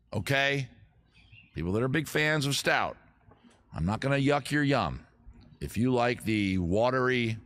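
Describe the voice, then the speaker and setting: A middle-aged man with a mid-range, fairly bright voice hosts a livestream music and beer show. He jokes and rambles in a self-mocking way, mixing casual chat with singing to his guitar.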